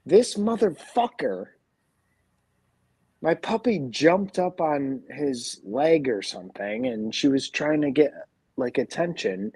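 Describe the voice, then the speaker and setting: A man's voice: fairly high pitch, expressive, takes it slowly, darkish tone, breathy edge, no echo, rough recording. A drunk man telling a rambling, profane story in casual livestream chat.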